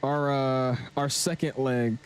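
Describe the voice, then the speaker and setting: A man's voice: mid-range voice, level tone, takes it slowly, smooth. A young man streaming a flight simulator, chatting casually and slangily with viewers while he flies. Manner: laid-back, slangy, talks to chat while flying. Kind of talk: casual live-stream chat.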